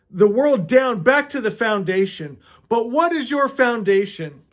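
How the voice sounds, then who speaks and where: A man's voice: very high voice, a bit bright. A man giving an impassioned preaching monologue as a spiritual speaker, stammering and restarting often and firing off rhetorical questions.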